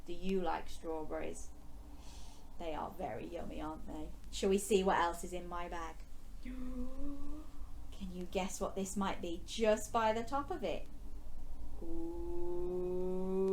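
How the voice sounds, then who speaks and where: A woman teaching a phonics lesson to young children, animated and sing-song, with exaggerated gasps of surprise and drawn-out letter sounds. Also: fairly high pitch.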